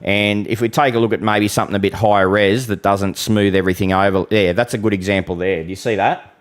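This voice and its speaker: A man's voice: lowish voice, steady tone, fast. An Australian man hosting a live weather stream, talking bluntly and chattily to viewers, calling them mate. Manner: occasional mild swearing. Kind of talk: casual live-stream forecast with audience Q and A.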